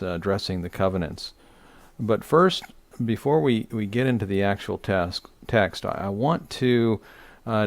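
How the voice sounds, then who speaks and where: A man's voice: lowish voice, no room sound. A middle-aged man, a rabbi, teaching an online Torah study, speaking off the cuff with many fillers and restarts.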